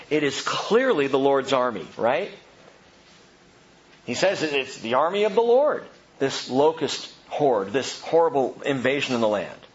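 A man preaching a sermon, animated, calling his listeners "gang" and explaining scripture. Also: medium pitch, muffled recording, slight background noise. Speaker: pastor.

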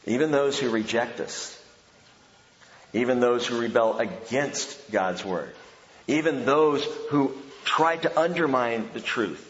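A man's voice: mid-range voice, expressive, slow. A man, a pastor and Bible teacher, preaching a sermon in a conversational, emphatic way with rhetorical questions. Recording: echoey hall, dull lo-fi sound.

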